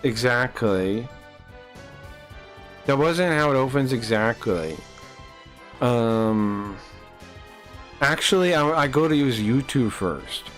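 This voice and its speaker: A man streaming, telling a long story in a rambling, animated way and swearing freely. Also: mid-range voice, slow pace, long pauses, soft background music.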